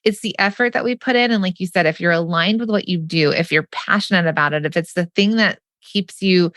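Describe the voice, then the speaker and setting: Woman, podcast co-host, chatty, storytelling, lower voice, dry sound. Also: brisk, a bit bright, dry recording. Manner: chatty, storytelling, laughs easily. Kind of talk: casual interview chat.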